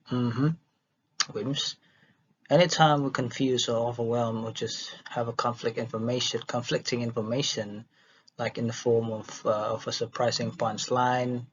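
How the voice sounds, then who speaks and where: Husky man reading haltingly aloud. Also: mid-range voice. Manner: halting reading with restarts and stumbles. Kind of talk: reading a dialogue transcript aloud. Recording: dull lo-fi recording.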